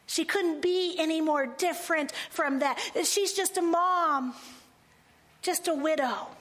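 A woman pastor preaching a sermon, animated and laughing, dropping to slow, hushed phrases for emphasis. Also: high voice.

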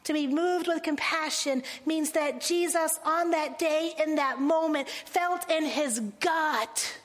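A woman pastor delivers a sermon with a high voice. She speaks slowly and deliberately, breaking into laughter and sinking into hushed, drawn-out phrases to drive a point home. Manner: animated preaching with laughs and dramatic slow, hushed phrases.

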